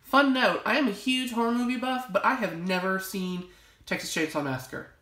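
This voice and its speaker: A woman's voice: mid-range voice, moderate pace, a bit bright, roomy sound. A young woman chatting casually to camera as she shows off her collection, gushing and rambling with lots of fillers. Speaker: vlogger showing a collection. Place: home library.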